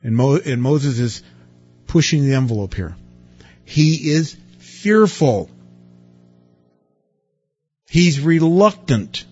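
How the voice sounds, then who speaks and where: Guy preaching, chatty sermon w rhetorical questions, kinda husky, dull lo-fi sound. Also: medium pitch, slow, pauses often, faint music behind. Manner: conversational preaching, rhetorical questions, lively emphasis. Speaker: pastor.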